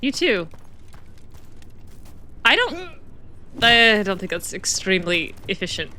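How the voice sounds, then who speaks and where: A woman's voice: medium pitch, very animated, takes it slowly, pushed and bright, a little hiss or hum. A woman giving chatty, laughing gameplay commentary as a let's-play streamer.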